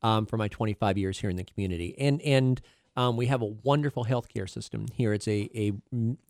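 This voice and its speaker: A middle-aged man, a cardiologist, speaking as a guest in a radio interview, halting with many fillers and restarts. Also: on the low side, a little mellow, no echo, studio quality.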